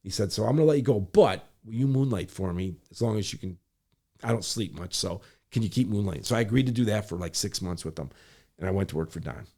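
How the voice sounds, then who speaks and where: A middle-aged man from Michigan speaks in a somewhat low voice as a guest in a conversation. He tells a story with animation, slipping into the voices of the people in it. He often restarts and corrects himself mid-sentence. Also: lively intonation, dark tone. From Michigan, USA. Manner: acts out quoted voices, rapid self-corrections. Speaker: guest, public servant.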